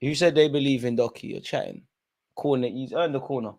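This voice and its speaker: Man, football watch-along host, slangy casual chat, sudden shouting. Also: mid-range voice, brisk. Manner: London slang, bursts into shouting at chances and goals. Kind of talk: live match watch-along commentary.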